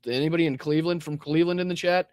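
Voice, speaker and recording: A man hosting a political livestream, talking in a rapid, rambling way with sarcastic asides. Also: a little high, steady tone, no room sound, studio quality. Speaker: political talk show host. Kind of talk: casual livestream commentary.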